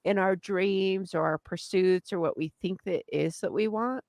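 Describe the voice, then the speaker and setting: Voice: mid-range voice, unhurried, a little mellow, dry recording. Dry-sounding musing co-host. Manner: musing, trailing sentences with many fillers. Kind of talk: reflective conversation.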